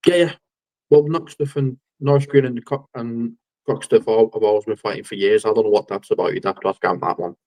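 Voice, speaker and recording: A man from Cheshire with a deep Scouse accent, a guest in a casual football chat who speaks bluntly and firmly. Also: fairly even intonation, fairly quick, a little mellow. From Cheshire, England.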